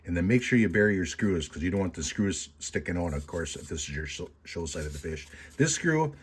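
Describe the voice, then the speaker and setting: Deep raspy guy explaining fish forms, folksy and jokey. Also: animated, fairly quick. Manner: folksy, rambling, self-mocking. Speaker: taxidermist. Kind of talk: casual how-to tutorial with jokes. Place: workshop.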